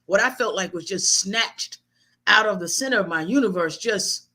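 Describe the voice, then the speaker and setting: A middle-aged woman telling personal stories as a guest author in an interview, animated and laughing often. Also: mid-range voice, moderate pace.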